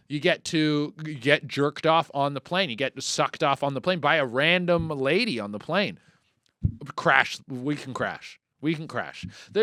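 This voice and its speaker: A young man hosting a comedy podcast, riffing in a profane, animated way that swings between mumbled asides and loud bursts. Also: on the high side, no echo, studio quality. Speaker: podcast host. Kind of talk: casual comedic monologue.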